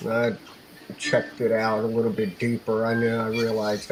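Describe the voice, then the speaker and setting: A man's voice: lowish voice, completely flat delivery, normal speed, background noise. A man chatting as a guest on a live stream, hesitant and full of fillers. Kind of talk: casual live-stream chat.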